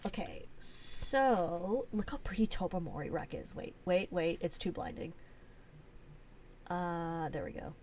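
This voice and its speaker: A woman hosts a casual live-stream show-and-tell, talking at an unhurried, slow pace. She gushes and chats, with plenty of fillers, and there is a faint hiss underneath. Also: lowish voice, animated, a little mellow. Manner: gushing, chatty, with many fillers.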